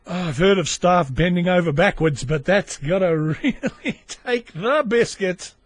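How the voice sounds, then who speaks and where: An Australian man hosting a casual solo podcast, sardonic and sweary, with lively asides. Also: sits high, measured pace, no room sound. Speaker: podcast host.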